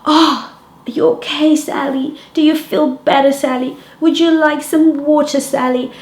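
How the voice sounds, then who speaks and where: A woman's voice: sits high, steady tone, unhurried, voice pushed up. A woman voicing a fussing female school nurse who coos over a hurt child with too much sympathy. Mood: doting. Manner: cooing, overly sympathetic. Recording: echoey room.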